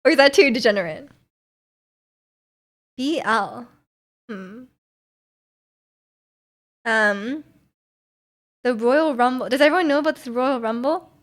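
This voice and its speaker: A young woman with a high, light voice hosts a livestream from her home streaming setup. She chats casually into her streaming mic and reads viewer messages aloud. She giggles often and fills pauses with "um" and "like". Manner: chatty and giggly, with frequent laughs and filler words. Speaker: livestream host.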